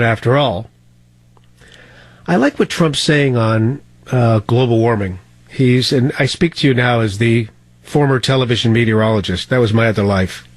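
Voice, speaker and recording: A man's voice: mid-range voice, no room sound. A man hosting a talk radio show, delivering a sarcastic monologue full of rhetorical questions into a studio mic. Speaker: fill-in radio talk host.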